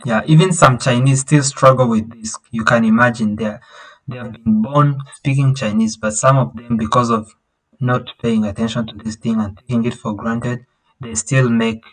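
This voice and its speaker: A man teaching a language lesson over a video call, patiently explaining and singing out vowel sounds to show the tones, with halting restarts. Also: medium pitch, poor audio. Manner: patient, repeats himself and sings out vowel sounds to demonstrate tones; halting, with many fillers and restarts.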